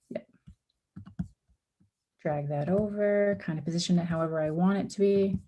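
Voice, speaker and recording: A woman runs a live design tutorial over a video call, talking step by step in an easygoing way. Her voice sits low and mellow, a little worn because she is losing it. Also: normal speed, long pauses, slight background noise. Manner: casual, step-by-step, with frequent ums and oopses. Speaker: workshop instructor.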